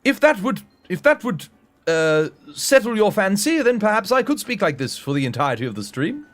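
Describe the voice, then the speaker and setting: A man voicing a pompous upper-class English gentleman with a posh English accent, speaking in a haughty, stiffly formal manner. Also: sits high, very animated, normal speed, faint music behind, voice pushed up.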